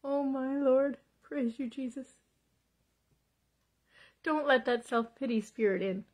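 A woman in a devotional vlog speaks fervently with a high voice. She is teary but keeps urging and praising. Her talk circles back to the same phrases again and again. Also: takes it slowly. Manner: fervent, repeating praise, preachy exhortation. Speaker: Christian vlogger.

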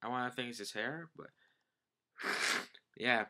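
A man's voice: medium pitch, unhurried, creaky, pushed and bright. A man giving a casual, rambling manga chapter review, enthusiastic and full of "like" fillers. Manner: rambling, enthusiastic, heavy use of "like".

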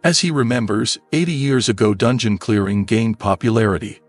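A man narrating a comic story recap in a steady, plain manner over faint music. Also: fairly low pitch, a little fast, no echo.

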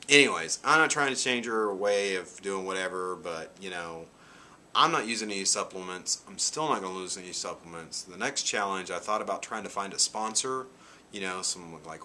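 Guy in his 40s rambling on his vlog, really low voice, bright punchy tone, lots of "you know". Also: moderate pace, slight background noise. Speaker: vlogger. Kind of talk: casual chat.

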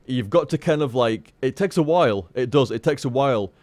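A man's voice: mid-range voice, animated, brisk, darkish tone, no echo. A man in frank, rambling live-stream chat, swearing freely and restarting his sentences as he talks to viewers.

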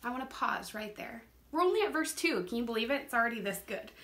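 A young woman leads a casual Bible study, speaking earnestly in a slightly high voice. She laughs often and doubles back on her words as she explains each verse. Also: lively intonation, quick pace, fairly bright tone. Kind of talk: casual scripture teaching.

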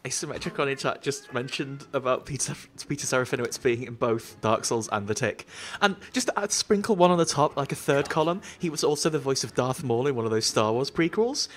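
A man's voice: mid-range voice, animated, fairly quick, hardly any pauses. A man hosting a gaming stream, chatting in a jokey way and laughing often. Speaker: stream host. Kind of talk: casual gaming chat.

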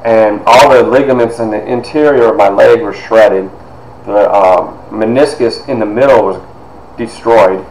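Fifties man from Toledo, storytelling speaker, lowish voice, lively chatty delivery, roomy echo. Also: measured pace. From Toledo, Ohio. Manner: animated, conversational, with frequent asides. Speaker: author and speaker. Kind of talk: personal storytelling talk. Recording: echoey room with faint noise.

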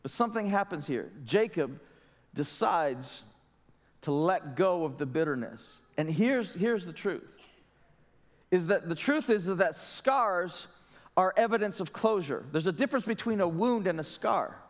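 A man's voice: high voice, expressive, measured pace. Earnest male pastor preaching in an echoing church. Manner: earnest, conversational preaching with emphatic rhetorical questions. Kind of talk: sermon. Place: church sanctuary.

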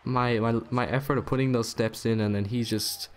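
A young man giving casual, excitable commentary over his own wrestling video game match, swearing and taunting the opponent. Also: medium pitch, moderate pace. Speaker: gaming YouTuber.

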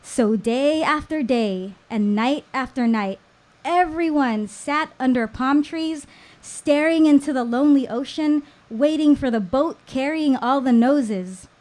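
A woman in her thirties telling a personal story live on stage at a small venue, slow and deliberate with dramatic pauses. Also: high voice, a little mellow. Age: 30s.

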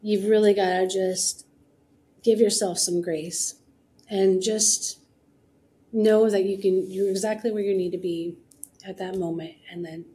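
A woman's voice: mid-range voice, steady tone, a little slow, dark tone, poor audio. A woman co-founder speaking as an interview guest in casual, earnest, encouraging talk with many fillers.

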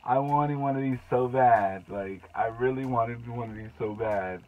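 A young man unboxing makeup in a casual vlog, excitable and gushing, gasping and breaking into shouts. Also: medium pitch, unhurried, phone-quality sound. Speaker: beauty vlogger.

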